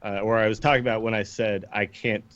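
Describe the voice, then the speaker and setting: A man's voice: fairly low pitch, steady tone, fast, fairly bright tone, no room sound, lo-fi sound. A man co-hosting a podcast, chatting casually and pragmatically, often acting out quotes. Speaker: podcast co-host. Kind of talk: casual chat.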